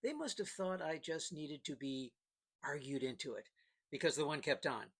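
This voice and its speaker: A man's voice: on the high side, animated, normal speed, fairly bright tone, husky. A man narrating a first-person novel in a dry, plain-spoken storytelling manner. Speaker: audiobook narrator.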